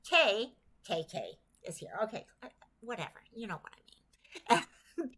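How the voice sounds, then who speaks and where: A woman's voice: medium pitch, lively intonation, unhurried, pushed and bright. A woman hosting a casual livestream, talking to her community in a chatty way and stopping to greet viewers by name. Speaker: livestream host.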